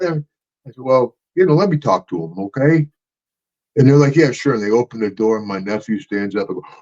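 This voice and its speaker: A man's voice: on the low side, lively intonation, fairly quick, a little mellow. A man co-hosting a podcast, telling stories in a boisterous way, laughing often and acting out the voices of people in them. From Louisiana, USA. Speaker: podcast co-host, retired wrestler. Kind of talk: casual storytelling chat. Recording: dull lo-fi sound.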